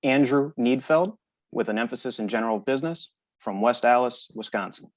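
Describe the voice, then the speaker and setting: A man reads graduate names at a virtual ceremony, slowing down to say each name with care. The recording is dry, with no room sound, and a little dull. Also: mid-range voice, no room sound. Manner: deliberate, slows down on each name. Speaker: presenter reading graduate names. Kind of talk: formal name reading.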